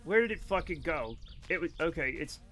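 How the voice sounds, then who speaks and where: A man streaming a game live, chatting casually with his viewers; he rambles, gets excitable and mock-angry, and swears freely. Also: fairly high pitch, normal speed, slight background noise. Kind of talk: casual live-stream chat while gaming.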